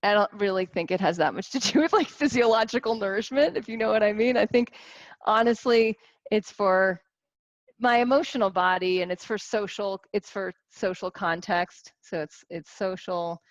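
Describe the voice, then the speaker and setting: A woman in her forties giving a casual teaching talk to a group as a wellness coach, animated, with many restarts and rhetorical questions. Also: medium pitch, normal speed, no echo, dull audio. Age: 40s.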